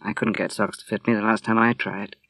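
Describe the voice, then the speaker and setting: An easygoing young naval officer, offhand and relaxed, his voice a touch low, as a male narrator reads him. The reading is dry and close to the mic. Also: brisk, dry recording.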